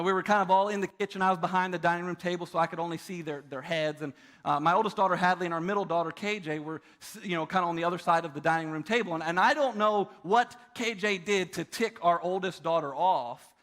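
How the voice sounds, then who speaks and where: A man's voice: on the high side, fairly bright tone. A man in his thirties preaching a sermon as a pastor, telling a personal story in an earnest way. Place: church auditorium.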